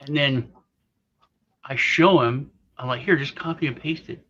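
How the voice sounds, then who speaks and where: A man's voice: medium pitch, a little slow, pauses often, fairly bright tone. Man, co-host, casual chat, rambling anecdote style, dull lo-fi sound. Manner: rambling storyteller, acts out quoted voices. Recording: slightly dull lo-fi audio.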